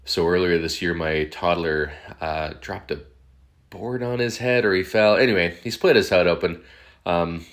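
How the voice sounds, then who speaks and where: Very deep-voiced laid-back dad. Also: male voice, moderate pace, fairly bright tone. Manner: laid-back, hesitant with fillers. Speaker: parent telling a story. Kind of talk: casual storytelling.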